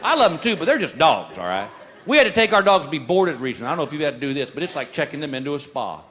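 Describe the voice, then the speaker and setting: High, lively stand-up comic man. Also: very fast. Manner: folksy and exasperated, laughing at his own jokes. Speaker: stand-up comedian. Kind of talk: stand-up routine. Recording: live stage recording with audience. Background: audience and room noise.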